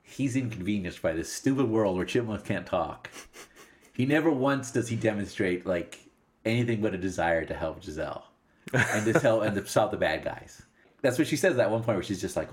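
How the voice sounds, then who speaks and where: On a podcast, a male co-host with a fairly low, animated voice talks at a moderate pace in a casual movie discussion. He enthusiastically walks through the film's scenes, acting out characters' quoted lines in different voices.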